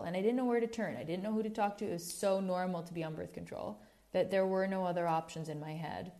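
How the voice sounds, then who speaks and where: A woman with a slightly low voice hosts a casual podcast monologue. She speaks candidly and animatedly, correcting herself mid-sentence and drifting into asides. At times she turns a little preachy as she presses her point. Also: fast talker, darkish tone. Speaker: podcast host.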